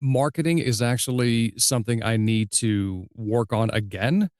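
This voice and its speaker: An easygoing male podcast host with a faint Southern US accent, speaking at a middling pitch. He tells stories and asks his questions in a measured, relaxed way. The sound is dry and close, with no room around it. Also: no room sound. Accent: slight Southern US. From Southern United States. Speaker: podcast host and audiobook narrator. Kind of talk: casual interview chat.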